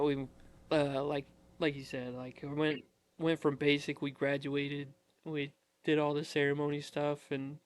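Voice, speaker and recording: A man in his twenties, a podcast guest, telling army stories in a casual, animated way and often breaking into laughter. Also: a little high, smooth. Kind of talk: casual storytelling.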